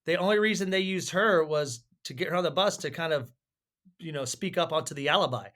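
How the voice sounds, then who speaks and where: Higher-voiced man recapping a movie. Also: a bit bright. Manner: halting, lots of "uh" fillers. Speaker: podcast co-host. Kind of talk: casual movie recap chat.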